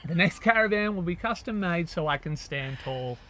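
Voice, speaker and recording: A man's voice: sits high, moderate pace. Dry-humoured Australian man. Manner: dry, deadpan humour, relaxed. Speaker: co-host, father. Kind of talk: casual chat.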